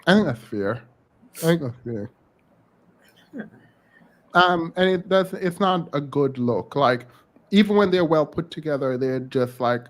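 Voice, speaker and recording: Brief: male panel guest, higher voice, halting delivery full of fillers. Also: big pitch swings. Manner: hesitant, filler-heavy. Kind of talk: casual panel discussion.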